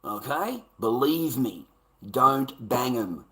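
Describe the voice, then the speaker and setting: Australian man, mid-pitched voice, loose and profane, talks at the camera in repetitive bursts that drop to mutters. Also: lively intonation, slow. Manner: profane, repetitive, swings between loud rants and low mutters. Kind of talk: rambling monologue to viewers.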